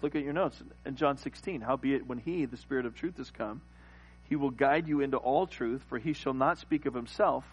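A middle-aged man preaching a sermon, building to loud emphatic peaks. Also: on the high side, husky, low-quality recording. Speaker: pastor.

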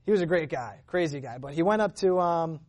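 A man tells his own faith story to a church gathering, speaking earnestly and conversationally. His voice sits a touch higher than most men's. He often stumbles, restarts and pads his sentences with fillers as he goes. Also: lively intonation, brisk, a little mellow. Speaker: church member giving a testimony. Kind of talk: personal testimony storytelling.

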